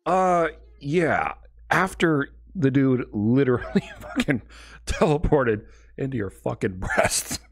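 Wildly animated young man reacting. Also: medium pitch, takes it slowly. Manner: exclamatory, profane, keeps breaking into laughter. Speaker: anime reaction channel host. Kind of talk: casual reaction commentary.

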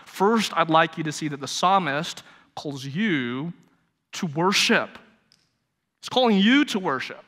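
A man's voice: a little high, lively intonation, a little slow, a bit bright. A male pastor preaching a live sermon, telling a story and pressing his points with rhetorical emphasis. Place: church sanctuary, live service. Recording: reverberant church hall.

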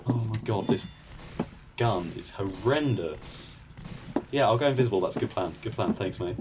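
A young man giving casual commentary while playing a game, excitable and prone to chanting and shouting. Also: fairly low pitch, normal speed. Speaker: gaming channel co-host. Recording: noisy home gaming mic.

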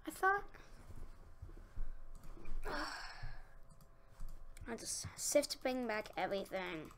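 A woman giving casual let's-play commentary, excitable and talking to herself as she plays. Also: mid-range voice, extremely slow, slight background noise. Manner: excitable, talks to herself, easily annoyed. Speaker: gaming youtuber.

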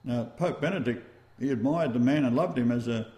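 A man with an Australian accent hosting a talk-radio show, rambling and halting as he goes. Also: medium pitch, mellow, roomy sound. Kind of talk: casual talk-radio chat.

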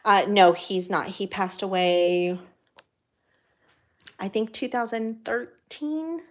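A woman's voice: medium pitch, takes it slowly. An American woman talking casually while she crafts, rambling with lots of fillers and restarts, her voice a little worn from talking. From United States. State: voice cracking from talking. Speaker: craft vlogger.

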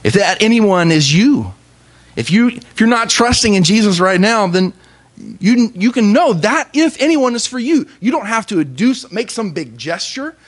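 A young man, a pastor, giving an earnest sermon with emphatic pauses. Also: sits high, big pitch swings.

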